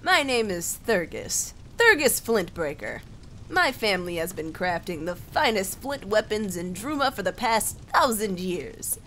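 A woman's voice: mid-range voice, very animated, a little slow, sharp tone. A woman voices a beaming, puffed-up human man who brags that he is a dwarf. The voice bounces up and down cheerfully, with a faint hiss underneath. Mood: boastful.

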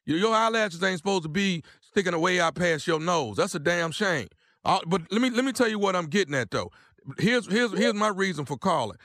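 A man's voice: high voice, animated, fairly quick, fairly bright tone, no room sound, studio quality. Man playing a blustering, irate husband. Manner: blustering, slangy, threatening. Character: irate loud husband ranting about his wife's eyelashes. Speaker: prank caller.

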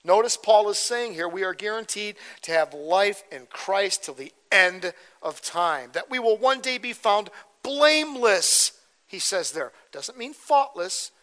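A man's voice: high-pitched, lively intonation, a little slow, pushed and bright, in a large hall. A man preaching a verse-by-verse sermon as pastor, conversational, often checking in with "okay?" and "right?". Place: church sanctuary.

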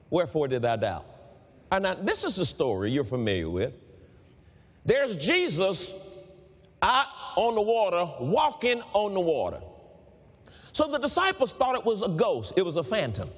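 Animated preacher with a lively voice. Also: male voice, high-pitched, slightly rough, big-room sound. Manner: animated preaching, quoting scripture and acting out dialogue. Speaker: pastor. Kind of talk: sermon.

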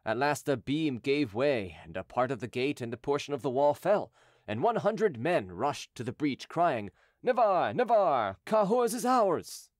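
A man narrates an audiobook in a steady, measured voice. His pitch sits in the middle range. The recording is dry and close to the mic. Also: no room sound. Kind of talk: scripted narration.

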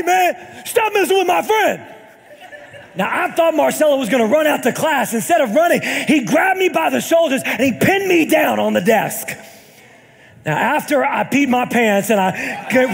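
A young adult male pastor preaching a sermon to his congregation, telling stories, calling out to the crowd and building to shouted, sing-song peaks. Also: extremely high pitch, gravelly. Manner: storytelling with call-outs to the congregation. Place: church hall with congregation. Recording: live church hall reverb.

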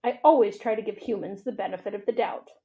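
A woman reading a children's novel aloud for a library, with expressive, steady storytelling. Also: mid-range voice, quick pace, dull audio.

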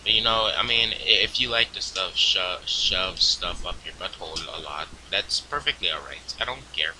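A man's voice: deep voice, moderate pace, slight background noise, poor audio. Foul-mouthed young man commentating a game. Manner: crude, profane, swings into loud outbursts. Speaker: gaming video host. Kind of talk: casual gameplay commentary.

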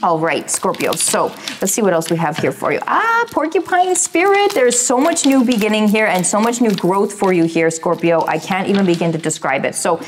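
A woman's voice: on the low side, brisk, hardly any pauses, a little hiss or hum. A woman giving a recorded tarot reading in a soothing, encouraging way, often checking in with "right?". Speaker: tarot reader.

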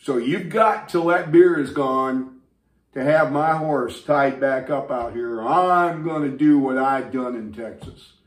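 A man's voice: medium pitch, slow pace, reverberant, close to an everyday voice. A man doing a menacing old cowboy drawl. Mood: threatening. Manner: drawling, threatening.

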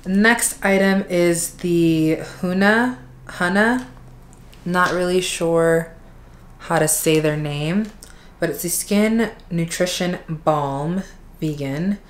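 A woman with a notably low, deep voice chatting her way through an unboxing. She talks in a relaxed, candid way and drops in plenty of "like" fillers as she goes. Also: slow pace. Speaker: unboxing vlogger. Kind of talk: casual chat.

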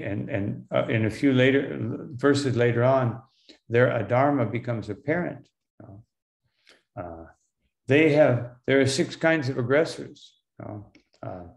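Gravelly-voiced monk giving a halting scripture talk. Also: male voice, medium pitch, darkish tone, roomy sound. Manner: halting, with frequent fillers and "no?" tags; slows for Sanskrit terms and quotes. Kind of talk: scripture lecture.

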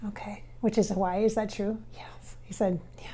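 A woman working as a spirit medium, talking her viewers through a casual channeling session in a halting, filler-heavy way. She often drops into soft, near-whispered asides. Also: medium pitch, little pitch movement.

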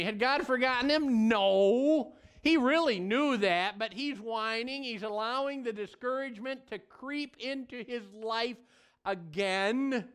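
A middle-aged male pastor preaching a sermon in an earnest, folksy storytelling way with animated asides. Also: sits high, a little slow, clear, resonant tone.

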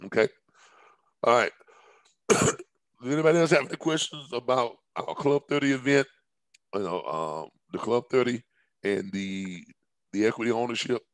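A man, giving a live-streamed business presentation in a scratchy, hoarse voice and talking haltingly with many fillers and restarts. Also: medium pitch, fairly bright tone, no room sound.

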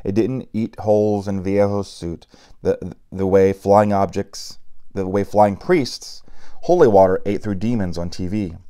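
A man reading a novel aloud, unhurried with small slips and personal asides. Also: fairly low pitch, warm tone, smooth. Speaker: audiobook reader.

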